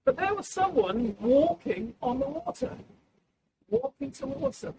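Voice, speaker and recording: Pastor preaching, high swooping voice, slow and gravelly, noisy filtered recording. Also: male voice. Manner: animated preaching, acting out the voices of people in the story. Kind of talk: sermon. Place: church service, sound reduced. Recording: background noise, wind filtered out.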